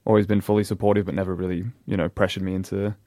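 Brief: Australian man in his twenties, relaxed and drily funny, dry close recording. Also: sits low, racing, no echo. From Brisbane, Australia. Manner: laid-back, dry humour, trailing fillers. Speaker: footballer guest. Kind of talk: casual podcast interview.

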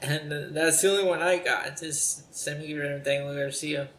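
A man with a high voice co-hosts a casual podcast. He is laid-back and makes wry asides. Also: fairly even intonation, moderate pace, fairly bright tone. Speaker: podcast co-host.

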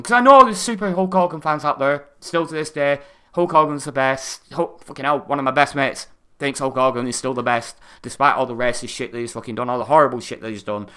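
Ranting man, bright voice. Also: medium pitch. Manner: ranting, swears a lot, exasperated. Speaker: podcast co-host. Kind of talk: casual podcast chat.

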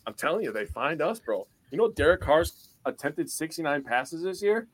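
A man's voice: on the high side, sing-song, moderate pace, no echo. A man co-hosting a sports podcast, talking in laid-back, jokey banter. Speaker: podcast co-host. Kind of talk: casual sports podcast chat.

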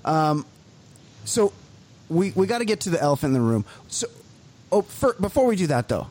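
Animated ranting male podcast host. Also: fairly high pitch, breathy edge. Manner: animated, ranting, mimics people in quick bits. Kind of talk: comedic casual chat.

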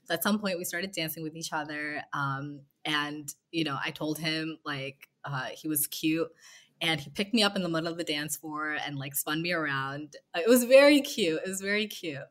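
Low-voiced woman telling a casual story. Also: normal speed, pushed and bright. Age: 20s. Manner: chatty, many fillers and quoted dialogue. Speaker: guest telling a dating story.

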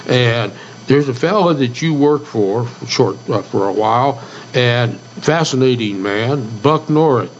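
Male radio host, mid pitch, easygoing, lo-fi sound, faint hiss. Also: lively intonation, unhurried. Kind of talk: casual interview chat.

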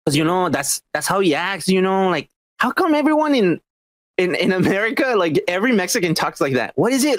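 A man co-hosting a podcast, chatting casually over beers, animated and profane, saying "bro" a lot. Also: high-pitched, brisk, no room sound, clean studio sound. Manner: animated, swearing, laughing, says "bro". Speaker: podcast co-host.

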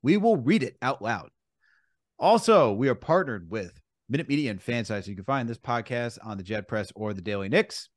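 Young New man, relaxed podcast host. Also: medium pitch, normal speed, dry recording, studio quality. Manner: reads sign-off plugs, relaxed. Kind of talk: podcast outro and sports chat.

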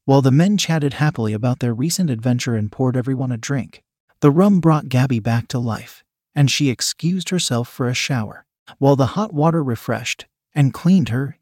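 Male narrator, steady read-aloud, mid-pitched, dry close sound. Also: no echo. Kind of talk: scripted narration of an adult story.

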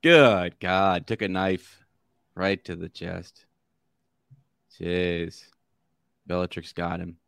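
A man's voice: low-pitched, fairly even intonation, takes it slowly, creaky, pauses often, a bit bright, smooth, no room sound, clean studio sound. A man co-hosting a podcast, talking in a rambling, casual way with restarts and laughs. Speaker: podcast co-host. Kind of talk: casual book discussion.

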